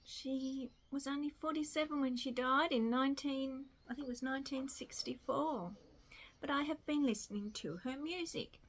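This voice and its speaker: An Australian woman vlogger talks casually to camera at home in Melbourne. Her voice is high-pitched at normal speed, and she rambles in a self-deprecating way.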